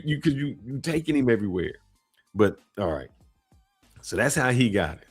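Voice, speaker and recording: Man, lively swooping delivery, animated storyteller, slangy, faint music behind. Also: fairly low pitch, husky. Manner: animated, slangy storyteller who acts out voices and laughs often. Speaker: podcast co-host telling a travel story. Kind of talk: casual storytelling chat.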